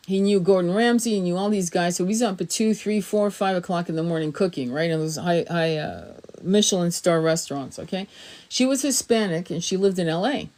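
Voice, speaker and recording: A middle-aged woman with a somewhat low voice gives a tarot reading to camera. She talks in a casual, blunt way, swearing freely, leaning hard on her points and laughing now and then. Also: fairly quick, darkish tone. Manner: blunt and profane, emphatic, laughs often. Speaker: tarot reader.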